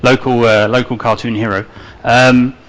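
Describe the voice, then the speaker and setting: A man's voice: mid-range voice, flat delivery, moderate pace, slight background noise, low-quality recording. A man giving a conference talk to a live audience, chatty and loose with fillers and restarts, with an accent he calls his own. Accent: non-native English accent. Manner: conversational, many fillers and restarts. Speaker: conference speaker.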